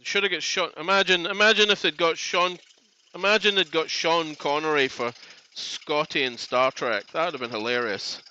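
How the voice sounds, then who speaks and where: A man's voice: a little high, moderate pace, bright, forceful tone, smooth, dull audio. A man hosting a woodworking live stream, chatting in a rambling, joking way from his workshop. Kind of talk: casual live stream chat. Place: home workshop.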